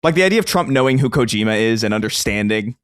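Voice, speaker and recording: A man co-hosting a video game podcast, rambling along with many fillers and quick laughs. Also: mid-range voice, lively intonation, a bit bright, clean tone, dry recording, studio quality. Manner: rambling, lots of "like", laughs easily. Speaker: podcast co-host. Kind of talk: casual chat.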